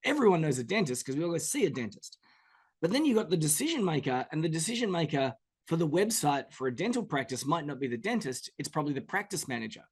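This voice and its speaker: Quick and breathy, with a fairly high pitch, a man hosts a podcast interview. He keeps things casual and lively, performing quoted examples to make his case.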